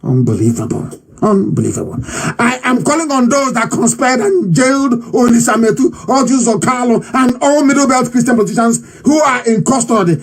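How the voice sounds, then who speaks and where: A man with a Nigerian accent giving a fiery, defiant political broadcast speech, repeating phrases for emphasis and sometimes shouting. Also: very high-pitched, very animated, a little fast, husky. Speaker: political movement leader giving a live address.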